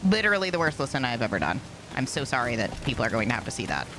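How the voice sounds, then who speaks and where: A speedrunner streaming a run, excitable and swearing, talking to themself and the chat. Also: mid-range voice, racing, background noise. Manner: excitable, swears, talks to self. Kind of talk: live-streamed speedrun commentary.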